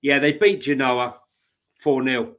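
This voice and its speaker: A man co-hosting a football podcast, talking through his views in a measured way with fillers. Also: mid-range voice, fairly bright tone. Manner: measured, thinking aloud with fillers. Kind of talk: casual chat.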